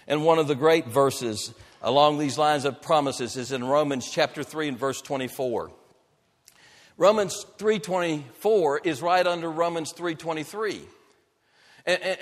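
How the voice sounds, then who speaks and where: In a large hall, a male pastor preaches a sermon with dynamic delivery, swinging between loud, emphatic lines and soft, hushed ones. His voice sits on the high side, at normal speed.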